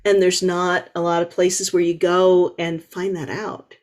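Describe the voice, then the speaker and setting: A woman hosting a knitting podcast, asking questions in a halting, filler-heavy way. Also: lowish voice, flat delivery. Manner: halting, many restarts and fillers. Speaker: podcast host. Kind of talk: casual interview.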